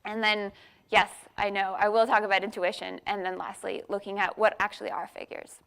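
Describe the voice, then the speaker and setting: A woman's voice: medium pitch, flat delivery, fairly quick, vocal fry, a bit bright, smooth. A woman giving an academic conference talk, explaining points step by step with frequent fillers and restarts. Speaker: workshop speaker.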